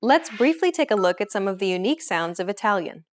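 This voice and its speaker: A woman hosts a language lesson in a calm scripted narration. She explains each point clearly and at a measured pace, with her voice sitting in an ordinary middle range. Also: mid-range voice. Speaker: host.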